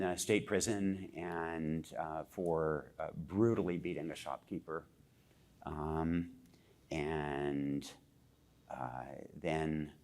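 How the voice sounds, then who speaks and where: Low-voiced guy on a panel, lots of uhs and ums, halting but gets animated. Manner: halting, many filler sounds, grows more animated. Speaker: panel speaker, journalist. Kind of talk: panel discussion talk.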